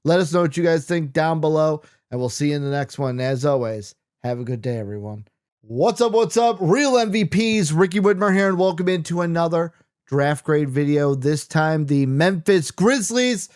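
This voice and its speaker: A man's voice: fairly high pitch, animated, normal speed, darkish tone. Upbeat man hosting a casual sports show. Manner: loose and joking, drops a swear. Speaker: host.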